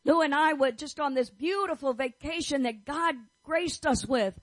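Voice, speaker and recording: A woman's voice: sits high, moderate pace, fairly bright tone, no room sound, low-quality recording. A middle-aged woman preaching a fervent sermon, declaring and repeating her phrases as she prays over the listeners. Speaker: pastor's wife preaching.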